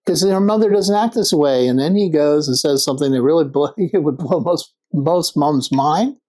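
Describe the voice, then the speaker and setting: A woman with a low, mellow voice talks through a TV episode in a loose review. She rambles and speculates, often restarting with fillers. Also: moderate pace. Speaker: TV show reviewer. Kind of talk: casual episode recap and review.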